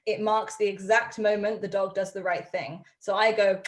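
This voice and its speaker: A woman's voice: mid-range voice, little pitch movement, moderate pace, slight background noise. A woman dog trainer teaching a live online class over a video call from her home study, upbeat and chatty with frequent ums.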